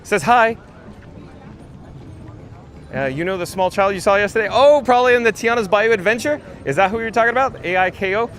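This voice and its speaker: Walking outdoors through a theme park, a livestream host reads viewer comments aloud in a chatty, upbeat way. His voice sits high and is expressive, a bit bright, with a quick pace and few pauses.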